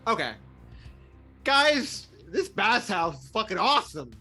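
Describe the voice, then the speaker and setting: A man playing a tabletop game, loud and excitable, swearing often. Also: high voice, unhurried, breathy edge, faint music behind. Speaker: player.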